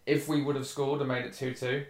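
A man's voice: medium pitch, level tone, brisk. A man co-hosting a football podcast, chatting casually and teasing his co-host. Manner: teasing, banter. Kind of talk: casual chat. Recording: echoey room.

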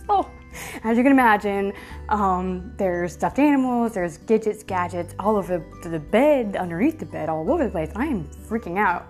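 A woman in her thirties talks straight to her viewers, telling a story in a loose, chatty way with lots of fillers. Her voice sits a little low for a woman, and her talk turns lively and emphatic at times. Faint music plays quietly behind her. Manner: chatty and animated, many fillers, swears, laughs often. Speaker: vlogger. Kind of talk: casual storytelling to camera.

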